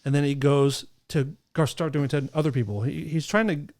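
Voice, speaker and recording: A man's voice: fairly high pitch, fairly even intonation, brisk, a little mellow. A man co-hosting a podcast, chatting casually and dropping sarcastic, joking asides. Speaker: podcast co-host. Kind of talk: casual chat.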